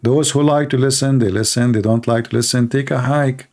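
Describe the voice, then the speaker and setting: A man's voice: mid-range voice, steady tone, brisk, darkish tone. A middle-aged man hosting a live-streamed religious debate, speaking blunt, mocking English with broken grammar and piling up rhetorical questions. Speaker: debate show host.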